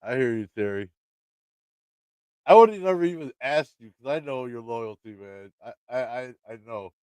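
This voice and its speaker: A man with a Midwestern American accent talks straight to his live chat, rambling through a story, cursing casually and laughing as he goes. His voice is smooth and clear at a middling pitch, and the recording is dry and close. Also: animated, moderate pace, a little mellow, no room sound. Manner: rambling, swears freely, laughs often. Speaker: channel host talking to live chat.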